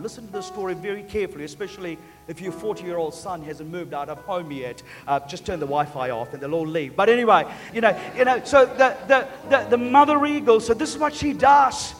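Male pastor, high voice, energetic sermon delivery, echoey hall. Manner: emphatic, joking, repeats words. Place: church. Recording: long church reverb, faint music.

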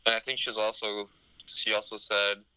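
A man's voice: on the low side, little pitch movement, pushed and bright, clean tone, dry recording, poor audio. A man co-hosting a podcast, chatting crudely and joking with lots of profanity. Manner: profane, joking, riffs with quick laughs. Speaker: podcast co-host. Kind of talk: crude casual chat.

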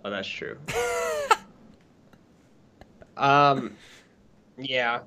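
A man's voice: medium pitch, drawn-out words, sharp tone, a little hiss or hum. A man co-hosting a podcast in casual chat, playful and laid-back, talking over a video call. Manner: playful, laid-back, says "bro" a lot. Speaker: podcast co-host. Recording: lo-fi online call audio.

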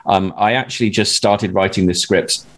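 A man with a very deep voice talks casually as a guest. He hesitates often, restarting his sentences and filling pauses with ums. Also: steady tone, fairly bright tone. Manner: hesitant, many fillers and restarts. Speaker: script writer guest. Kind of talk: casual panel talk.

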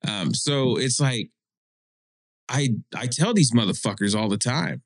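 Male guest, thirties, mid-pitched, blunt profane ranter, dry close sound. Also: expressive, a little slow, dry recording. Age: 30s. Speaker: guest, tattoo shop counter worker. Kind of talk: casual chat.

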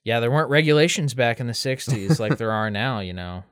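Dry deadpan man chatting about a movie. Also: mid-range voice, a little fast, clear, resonant tone, dry recording. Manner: wry, deadpan asides with loud mock-outraged bursts. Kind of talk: casual movie chat.

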